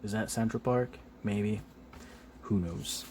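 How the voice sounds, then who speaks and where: A man casually paging through a comic book on camera, chuckling often, filling pauses with "uh", swearing loosely and acting out the characters' lines. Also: fairly low pitch, a little hiss or hum. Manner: chuckling, loose, acts out quick character quotes; many fillers, relaxed swearing. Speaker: comic book video host. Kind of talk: casual flip-through commentary.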